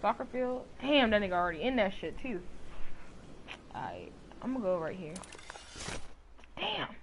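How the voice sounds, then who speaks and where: A young woman streaming a game, riffing in casual, profane bursts. Her pitch swings widely as she grows exasperated. A faint hiss of noise sits under her voice. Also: big pitch swings, unhurried. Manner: profane, exasperated, talks to chat. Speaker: gamer streamer. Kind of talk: casual gameplay commentary.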